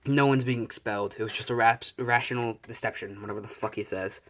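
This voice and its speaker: A young man improvising a fan story out loud, rambling and correcting himself, swearing casually. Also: medium pitch, fairly even intonation, quick pace.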